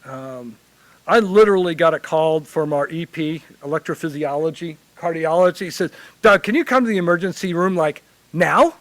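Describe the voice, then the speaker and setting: A man from Illinois who works as a hospital chaplain, telling lively stories to a forum audience. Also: a little high, moderate pace, no room sound, rough recording. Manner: animated anecdotal storytelling. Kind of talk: conference panel storytelling.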